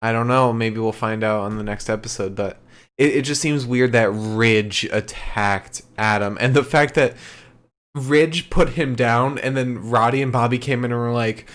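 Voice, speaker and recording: A man co-hosting a podcast, calmly talking through wrestling storylines in casual chat. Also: medium pitch, normal speed. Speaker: podcast co-host.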